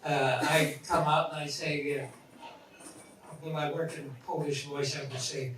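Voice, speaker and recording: A man's voice: a little high, little pitch movement, measured pace, background noise. A man in his eighties giving a reminiscing speech at a memorial, rambling with asides. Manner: warm-hearted rambling with asides. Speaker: speaker at a memorial. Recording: echoey hall, far from mic, crowd.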